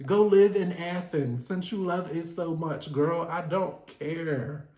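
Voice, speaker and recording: A man's voice: fairly high pitch, takes it slowly, warm tone, voice pushed up. A man voicing a sassy teenage girl who mockingly tells her mother off. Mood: dismissive. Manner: dismissive, mocking. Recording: echoey room.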